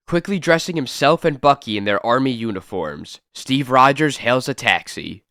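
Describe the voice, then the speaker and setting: A man reading an old comic book aloud in a measured storytelling way. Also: mid-range voice, lively intonation, fairly bright tone, no room sound, clean studio sound.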